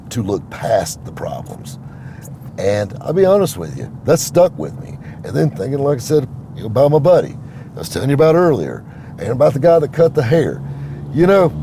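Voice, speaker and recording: A middle-aged man, a used car dealer, casually telling a story to camera in an animated, folksy way. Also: lowish voice, a little hiss or hum. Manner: folksy, animated, quotes others in his own voice.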